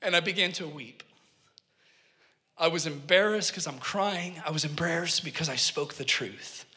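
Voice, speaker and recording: A man's voice: fairly high pitch, normal speed, bright, forceful tone. A man preaching a sermon in a church hall. He is earnest and emphatic, and he tells personal stories with joking asides to the congregation. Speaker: pastor. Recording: echoey hall reverb.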